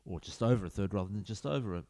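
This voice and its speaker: A man's voice: fairly low pitch, lively intonation, racing, dark tone. Chatty man rambling over a football game. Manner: chatty, rambling, self-deprecating asides. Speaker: gaming YouTuber. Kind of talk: casual let's-play commentary. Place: home room. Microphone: desk mic into computer.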